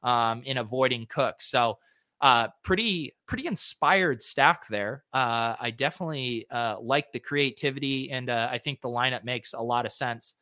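A man hosts a casual solo review of fantasy sports lineups, thinking aloud with plenty of fillers. His voice is bright and clear. The sound is dry and close. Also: mid-range voice, normal speed, no room sound. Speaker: fantasy sports podcast host.

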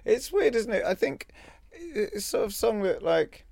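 A man's voice: high voice, very animated, measured pace, vocal fry, a little mellow, dry recording. A man hosting a podcast, teasing his guest playfully and laughing along. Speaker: podcast host. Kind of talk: casual chat.

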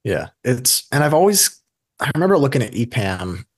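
A man's voice: medium pitch, big pitch swings, moderate pace, slightly rough, no echo. A man co-hosting a casual investing show, talking in a rambling way and often correcting himself mid-sentence. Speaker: podcast co-host.

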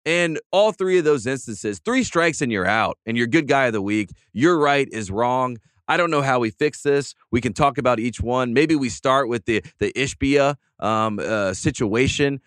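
A man's voice: medium pitch, lively intonation, moderate pace, hardly any pauses, a bit bright, smooth, dry recording. A man hosting a sports podcast, ranting in an emphatic, fired-up way in casual chat. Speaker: podcast host.

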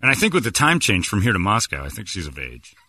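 A man with a bright, ringing voice hosts a sports radio show and rambles through teasing, provocative banter. His pitch swings widely and sits a little low. The sound is dry and close, with no room echo. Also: huge pitch swings, fast. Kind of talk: joking studio banter.

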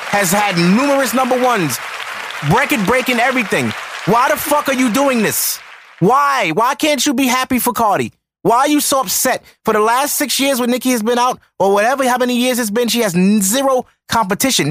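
A man's voice: very high voice, fairly bright tone, no echo. A man hosting a podcast, ranting in heated commentary with profanity and repeated points. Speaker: podcast host.

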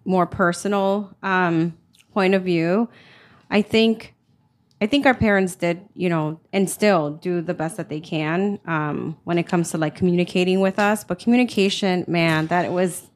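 A middle-aged woman from a Mexican-American family talks loosely on a family podcast. She rambles with plenty of fillers and laughs easily. Her voice sits slightly low for a woman. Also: unhurried. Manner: relaxed, filler-heavy, laughing often. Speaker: podcast co-host. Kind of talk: casual chat.

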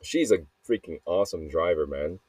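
Deep-voiced man rambling in a dry recording. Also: lively intonation, normal speed, darkish tone, slightly rough, no room sound. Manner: rambling and repetitive, peppered with "man" and "dude", profane. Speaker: podcaster sending a voice message. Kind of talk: casual rambling confessional monologue.

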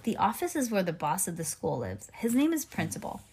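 A woman reading a children's chapter book aloud in a lively, expressive way. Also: mid-range voice, brisk, husky. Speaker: reader.

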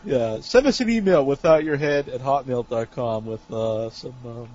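A man co-hosting a podcast in casual chat, hesitant and filling pauses with uh. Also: medium pitch, darkish tone. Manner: hesitant, many uh fillers. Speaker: podcast co-host. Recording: dull lo-fi podcast audio.

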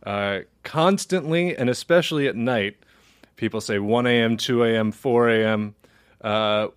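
A man's voice: mid-range voice, unhurried, clear, resonant tone. A man co-hosting a comedy podcast, telling a story in a rambling way, laughing often and acting out quoted voices. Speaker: podcast co-host. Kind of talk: casual comedic chat.

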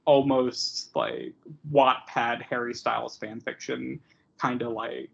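Heard on a dull lo-fi recording, this young male podcast co-host speaks slowly in a mid-range, creaky, husky voice with animated delivery. His casual chat is rambling and mocking, packed with fillers and frequent laughter.

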